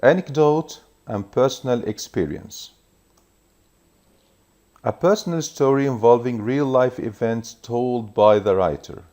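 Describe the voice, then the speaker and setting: A man teaching a recorded revision lesson, explaining each point in a measured way and reading examples aloud. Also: mid-range voice, a little mellow.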